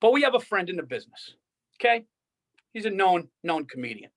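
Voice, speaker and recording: A man's voice: high voice, sing-song, a little fast. A man co-hosting a casual comedy podcast, telling rambling, profane, worked-up stories. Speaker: podcast co-host.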